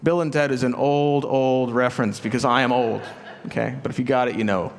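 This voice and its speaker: Joking conversational pastor in echoing church. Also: male voice, mid-range voice, steady tone, brisk, a little hiss or hum. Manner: conversational, joking asides, rhetorical questions. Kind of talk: sermon. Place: large church sanctuary. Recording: long church reverb.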